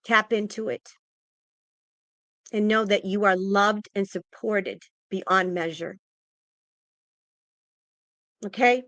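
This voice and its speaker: A woman's voice: mid-range voice, fairly even intonation, slow pace, long pauses, fairly bright tone, dry recording. A woman psychic giving an impassioned spiritual pep talk, emphatic and repetitive, audibly emotional and close to tears. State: tearful, emotional.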